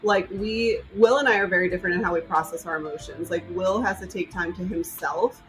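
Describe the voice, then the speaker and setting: A woman podcast host sharing a parenting story in casual chat, quick and animated. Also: fairly low pitch, faint music behind, rough recording.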